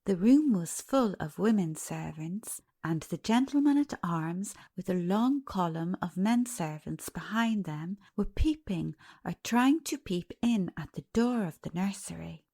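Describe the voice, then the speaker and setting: A woman narrating a classic fairy tale audiobook in an expressive storytelling manner. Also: fairly low pitch, unhurried, few pauses, slightly rough.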